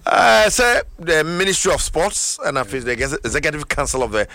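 A man with a Ghanaian accent hosting a sports chat, animated and mixing Twi with English. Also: fairly high pitch, fairly quick. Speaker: sports show host.

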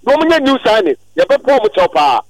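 A man calling in to a sports radio show, talking at length in an animated, rambling way. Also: high-pitched, fast talker, low-quality recording. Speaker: caller. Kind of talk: call-in sports radio chat.

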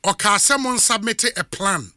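A man's voice: sits high, expressive, moderate pace, pushed and bright, no room sound, studio quality. A man with a Ghanaian accent, a radio host asking probing questions and mixing languages. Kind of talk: radio interview.

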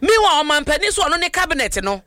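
A woman's voice: sits high, sing-song, fast, sharp tone, dry recording, studio quality. A woman with a Ghanaian accent co-hosting a current affairs radio show, talking animatedly and switching between Twi and English.

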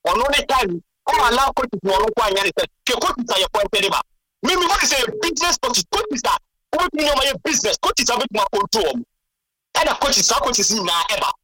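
A caller phones a sports radio show, excited and throwing out question after question. His voice is high and bright. He sounds some distance from the mic. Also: a little fast.

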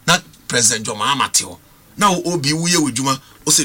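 A man's voice: on the high side, expressive, quick pace, pushed and bright, breathy edge. A man with a Ghanaian accent, a political commentator on a studio panel, arguing with rhetorical questions and switching between English and Twi.

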